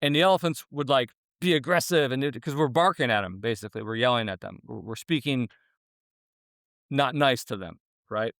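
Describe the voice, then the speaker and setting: A man's voice: medium pitch, a little fast, creaky, fairly bright tone, no room sound. Middle-aged man, earnest, rambling, resonant voice, dry close sound. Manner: earnest, rambling with many restarts and fillers; gets emotional when talking. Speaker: former zookeeper and guest. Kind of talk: casual interview talk.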